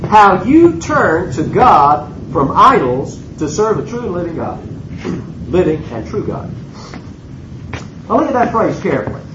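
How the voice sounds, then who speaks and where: Male preacher, higher-pitched and very lively, emphatic teaching sermon; roomy, dull old recording with faint hiss. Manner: emphatic, asks the listeners rhetorical questions.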